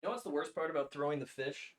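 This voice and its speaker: A young man streaming a game, chatting to his viewers in an excitable, flustered way with frequent stammers. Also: on the high side, rapid-fire. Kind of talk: casual live-stream chat.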